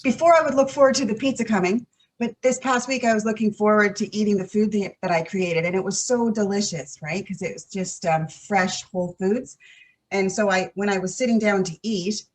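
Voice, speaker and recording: A woman on a group video call shares her own experiences in a candid, chatty way. She speaks at an ordinary pitch for a woman. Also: a little fast, rough recording. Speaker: coaching client. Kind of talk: casual chat on a video call. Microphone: video call mic.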